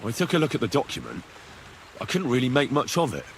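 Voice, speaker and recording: An earnest young male hero in a medieval video game, asking direct questions with a lively, rising and falling pitch. Faint background noise sits behind his voice. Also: fast talker, gravelly, heavily acted. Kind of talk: studio video game dialogue.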